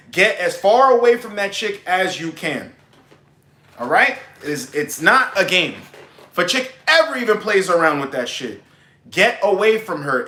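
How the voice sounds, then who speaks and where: Blunt, emphatic male advice vlogger, bright tense tone, roomy echo. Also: high voice. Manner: blunt, emphatic, calls listeners bro. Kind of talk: casual advice monologue.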